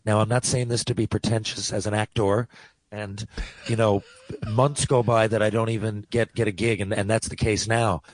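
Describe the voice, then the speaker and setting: Talkative sports radio co-host. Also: male voice, on the low side, level tone, moderate pace, no echo, poor audio. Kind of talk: casual sports talk.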